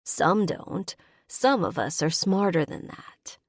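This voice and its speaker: A woman voicing a big, possessive male werebear lover who talks low, commanding and teasing. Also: very animated, slow pace, gravelly, husky, no echo, studio quality, exaggerated voice.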